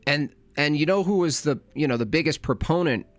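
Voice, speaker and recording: A man's voice: a little high, fairly quick, no room sound, faint music behind. A man reacting to a clip, ranting with sarcastic questions. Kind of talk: casual reaction commentary.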